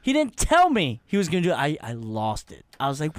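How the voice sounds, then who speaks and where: A man's voice: high-pitched, very animated, brisk, hardly any pauses, no room sound. A male comedian from Pennsylvania, a radio guest, indignantly retelling an argument on a set. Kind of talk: storytelling on radio. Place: radio studio.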